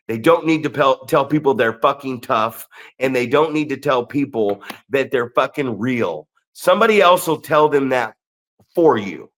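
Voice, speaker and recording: Animated sarcastic American podcast host. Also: male voice, mid-range voice. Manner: sarcastic, profane, animated storytelling. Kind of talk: casual chat.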